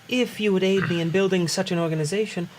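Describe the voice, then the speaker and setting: A man's voice: high-pitched, fast talker, slight background noise, close to an everyday voice, low-quality recording. A man reading game dialogue aloud as an earnest, formal young male statesman, in a mock-solemn way.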